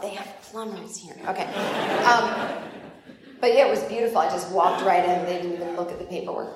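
A woman in her forties doing stand-up comedy and chatting with the crowd in a rambling, self-deprecating, profane way. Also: medium pitch. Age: 40s. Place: comedy club stage. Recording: very echoey club with noise.

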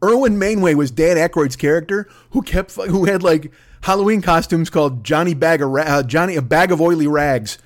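A male comedian hosting a podcast, rambling through a profane, excitable monologue. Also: a little high, a little fast.

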